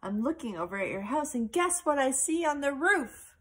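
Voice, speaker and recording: A woman voicing a helpful girl from across the street who speaks in a bright, coaxing way. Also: sits high, very animated, normal speed, voice pushed up. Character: helpful girl next door, calm and knowing.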